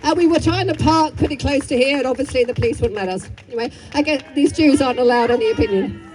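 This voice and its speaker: A woman's voice: sits high, quick pace, darkish tone. A woman speaking at an outdoor street rally, heated and rambling, breaking into chants between apologetic asides. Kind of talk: impassioned rally speech and chanting.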